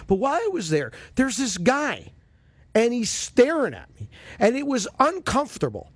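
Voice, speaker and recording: Brief: male golf radio host, lively storyteller, slightly high voice, dry close sound. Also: normal speed, no echo. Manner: animated, expressive storyteller. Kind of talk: casual storytelling chat.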